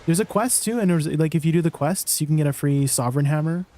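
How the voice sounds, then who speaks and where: A man's voice: a little high, fast, dark tone. A man chatting casually on a game live stream, answering viewers' questions and laughing at himself. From Canada.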